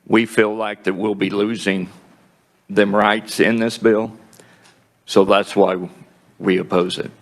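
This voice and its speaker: A man testifying before a committee, halting and plain-spoken, clearing his throat often. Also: fairly low pitch, flat delivery. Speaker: groundwater district representative testifying.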